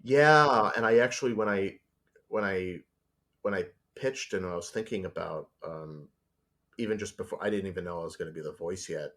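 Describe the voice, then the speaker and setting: A man with a deep voice, speaking at a normal speed, is a storyboard artist guest in a casual interview. He tells stories animatedly and acts out the voices.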